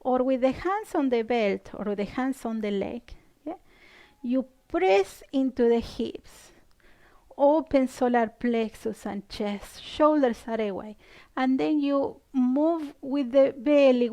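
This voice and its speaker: Woman over 50, unhurried, slightly high voice, gentle yoga cueing, soft whispers. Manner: gentle cueing with frequent "yeah?" checks, some whispered counts. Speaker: yoga instructor. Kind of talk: guided yoga class instruction.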